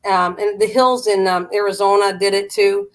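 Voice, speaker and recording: A woman's voice: medium pitch, flat delivery, normal speed, rough recording. An older Canadian woman hosting a live chat, telling stories in a chatty way and laughing often. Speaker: livestream host chatting with viewers.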